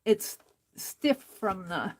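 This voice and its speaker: Art-journal host, female, slow and self-muttering over a stitching demo. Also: medium pitch, very animated, slight background noise. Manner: muttering to herself while stitching, mildly frustrated. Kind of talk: casual crafting demonstration.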